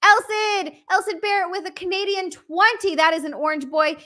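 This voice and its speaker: A young woman on a live stream, her high voice bright and ringing. She gushes and thanks viewers breathlessly, swearing freely as she reads their messages aloud. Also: fairly quick. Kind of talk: live stream, reading out super chats.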